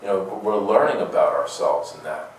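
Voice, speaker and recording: A man's voice: sits low, expressive, moderate pace, a little hiss or hum. A man giving a conversational homily, full of rhetorical questions and playful asides, often repeating his words as he goes. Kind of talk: conversational sermon. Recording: very echoey room, distant mic.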